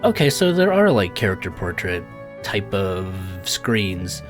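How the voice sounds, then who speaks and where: Chatty gamer dude commenting, laughs a lot, quiet game music under. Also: male voice, deep voice, very animated, measured pace. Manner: chatty, laughs often, thinks aloud. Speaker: let's play host.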